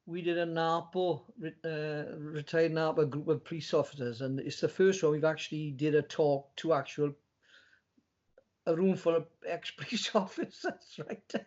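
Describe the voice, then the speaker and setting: A man's voice: fairly high pitch, normal speed, darkish tone. A man, co-hosting a poetry podcast, chatting in a colloquial, storytelling way. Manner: chatty, colloquial, slips into other voices. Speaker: poet and podcast co-host. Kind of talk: casual chat. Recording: dull lo-fi podcast audio.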